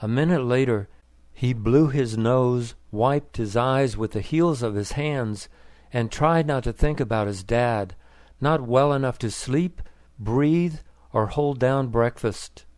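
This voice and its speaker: A man reads a story aloud for English learners in a plain, even manner. His voice sits in the middle range. The recording is dry and close, with no room echo. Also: mid-range voice, takes it slowly. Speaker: narrator.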